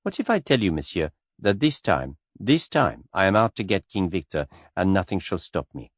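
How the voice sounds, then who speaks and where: A man voicing an excitable middle-aged detective, speaking emphatically and insistently. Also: deep voice, brisk, no echo, studio quality.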